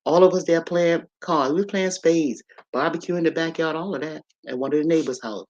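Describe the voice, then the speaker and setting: A woman's voice: sits low, brisk, a little mellow, lo-fi sound. A woman hosting a casual livestream, telling a story and preaching to her viewers, with in her speech. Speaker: livestream host. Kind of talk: casual live-stream monologue.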